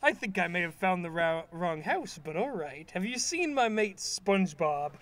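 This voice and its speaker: A man quoting a gruff male crab restaurant boss in a lowered, hesitant voice. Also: sing-song, normal speed, a bit bright. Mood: puzzled.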